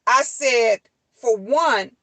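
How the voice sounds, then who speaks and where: Older woman on her show, fired up, lecturing, high pitched, no room echo. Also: extremely slow. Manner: animated, scolding storyteller. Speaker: show host. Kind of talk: casual monologue to listeners.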